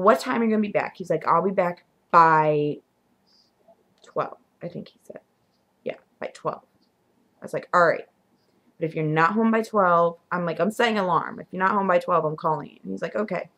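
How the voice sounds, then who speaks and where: A young woman casually telling her own ghost stories to the camera in a vlog, animated, dropping to whispers at the spooky moments. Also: lowish voice, fairly quick, long pauses. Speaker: vlogger. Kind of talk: casual storytelling.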